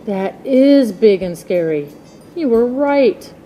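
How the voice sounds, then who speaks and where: A woman voicing a calm, know-it-all young female chick who gives instructions in a matter-of-fact way. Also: on the high side, slow pace, slight background noise, pitched above the performer's own voice. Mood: fussy.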